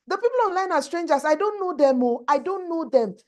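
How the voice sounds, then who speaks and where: A woman's voice: very high-pitched, animated, a little fast, a little mellow. A woman teaching girls in an online class, earnest and emphatic, repeating her key points.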